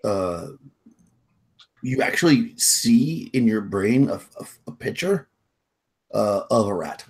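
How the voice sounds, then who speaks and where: Man, game master, husky voice, lowish pitch, halting hedged narration. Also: big pitch swings. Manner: halting, hedging narration with restarts.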